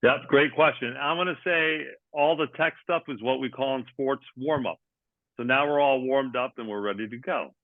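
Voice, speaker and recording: A man's voice: mid-range voice, moderate pace, dry recording, phone-quality sound. A man, a sports coaching manager as guest, explaining step by step with many hesitant ums. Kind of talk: explanatory interview answers.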